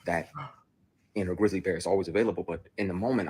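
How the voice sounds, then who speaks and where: A man's voice: low-pitched, steady tone, fast talker, darkish tone, a little hiss or hum. A man, an actor, bluntly and emotionally recounting a personal ordeal, with profanity. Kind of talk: played clip of a personal account.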